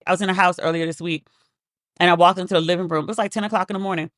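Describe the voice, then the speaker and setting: A woman hosting a podcast, telling casual stories in a chatty, animated way and acting out the voices of people she quotes. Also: on the low side, very fast, no room sound, studio quality. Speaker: podcast host. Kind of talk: casual storytelling monologue.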